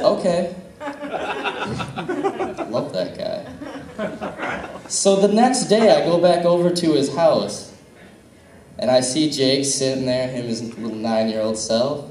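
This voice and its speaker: A man's voice: medium pitch, a little slow, pauses often, crowd noise. A young man with a Midwestern accent works through a crude stand-up set, acting out the other voices in his stories. He is recorded in an echoey club from some distance off the mic. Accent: Midwestern American. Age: young adult. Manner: casual, crude storytelling with acted-out dialogue. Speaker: stand-up comedian. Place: comedy club.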